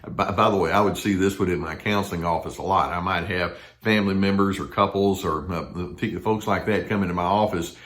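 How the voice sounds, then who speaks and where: An older man, a therapist, talking to camera in a conversational way and acting out quoted lines in a higher voice. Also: fairly even intonation, a little fast, few pauses, a bit bright. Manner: conversational, acts out quoted voices with rising pitch. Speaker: therapist giving a talk. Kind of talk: explanatory talk to camera.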